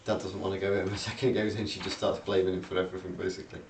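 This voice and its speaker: This is a very low-voiced man with a gravelly, creaky edge, chatting loosely about a film and hunting for words as he goes. He sits some way back from the mic in a roomy space. A faint hiss hangs behind him. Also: level tone, rapid-fire. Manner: rambling, hesitant, recounting plot with many fillers. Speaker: podcast co-host. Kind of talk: casual film discussion. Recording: roomy, distant mic, faint background noise.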